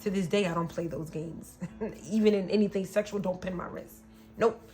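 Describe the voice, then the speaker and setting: A woman's voice: on the low side, normal speed, mellow, faint music behind. A young woman telling a painful personal story in a candid, emotional way, often acting out what was said. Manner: candid, emotional, slips into quoted voices.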